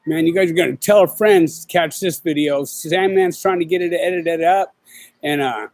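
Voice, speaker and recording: A man's voice: fairly high pitch, moderate pace, darkish tone, dry recording, low-quality recording. A middle-aged man hosting his own show, talking casually and rambling in profane street slang with lots of fillers. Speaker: podcast host. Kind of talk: casual livestream chat.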